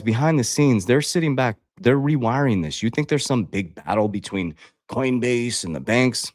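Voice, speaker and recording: A man's voice: mid-range voice, dry recording, clean studio sound. A man speaking as a life coach on a livestream, blunt and confrontational, swearing freely and talking straight to his viewers. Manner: addresses viewers directly as guys. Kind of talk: livestream motivational talk.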